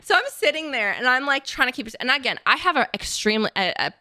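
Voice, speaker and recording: Bright-voiced young woman telling a story. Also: sits high, fast, no echo. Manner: profane, with frequent "like" fillers; animated, acts out quotes in the story. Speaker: podcast host. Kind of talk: casual chat, storytelling. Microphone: podcast mic.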